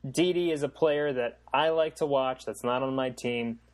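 A man co-hosting a relaxed sports podcast who gives blunt opinions and swears casually. His voice sits at a plain middle pitch, easygoing and unforced. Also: moderate pace. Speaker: podcast co-host. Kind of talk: casual chat.

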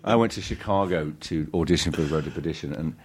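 Brief: very low, deep male actor, stop-start interview talk, self-deprecating. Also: a little mellow, husky. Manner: halting, many restarts and fillers, self-deprecating. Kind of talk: casual interview chat.

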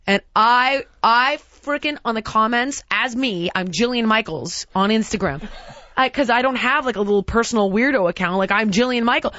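A woman with a fairly high voice tells a story on her podcast, animated and exasperated. She slips in quick impressions of the people she is quoting. The sound is dry, with no room echo. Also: highs cut off. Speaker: podcast host. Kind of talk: casual storytelling chat.

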